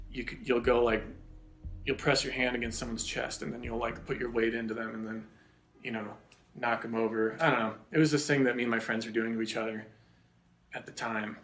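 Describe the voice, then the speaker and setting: A man's voice: medium pitch, fairly bright tone. Young guy for a personal story: rambling, swears a lot, self-mocking, echoey room with faint music under him. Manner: rambling, profane, self-deprecating. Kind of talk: casual spoken storytelling.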